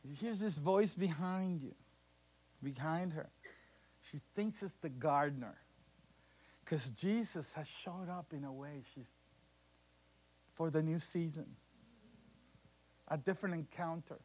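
A man preaching a sermon, telling a scripture story with animated bursts and acted-out voices. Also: on the high side, slow pace, long pauses, breathy edge.

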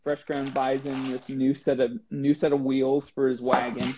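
Tell the story like a man who is talking with friends. Keep the voice warm and mellow, and act out the other people's lines. The recording should sound dull and lo-fi, with a faint hiss behind you. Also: mid-range voice, moderate pace. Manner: animated retelling with acted-out dialogue. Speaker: guest, long-distance hiker. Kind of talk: storytelling in a casual chat.

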